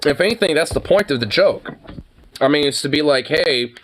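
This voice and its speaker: A man's voice: a little high, lively intonation, a little fast, fairly bright tone. A young man streaming live, ranting casually in a profane, rambling way full of fillers. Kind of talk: casual livestream rant.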